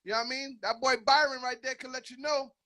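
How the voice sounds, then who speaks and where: A man's voice: very high voice, fairly even intonation, fast, sharp tone. A man hosting a radio show, chatting casually with a guest in hyped, slangy talk and laughing often. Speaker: radio DJ host. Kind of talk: casual radio interview chat.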